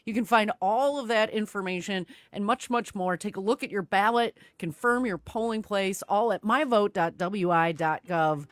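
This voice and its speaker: A woman hosting a radio talk show, brisk and direct, speaking to her listeners as folks. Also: medium pitch, no room sound.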